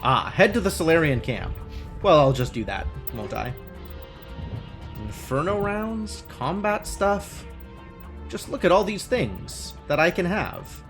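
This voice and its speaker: Wry, animated male game streamer. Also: a little high, slow, faint music behind. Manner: wry, sarcastic asides to himself. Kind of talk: casual live gameplay commentary.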